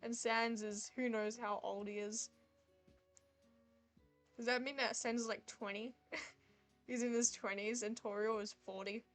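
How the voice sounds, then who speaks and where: Woman streamer, high voice, lively exasperated commentary over faint music. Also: a little slow, pauses often. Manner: animated, laughing, exasperated asides. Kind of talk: reading a dating game aloud with commentary.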